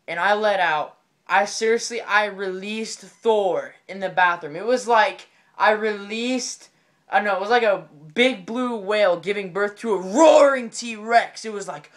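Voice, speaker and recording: A man telling a comedic story in an excitable, rambling way, often repeating his phrases. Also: high-pitched.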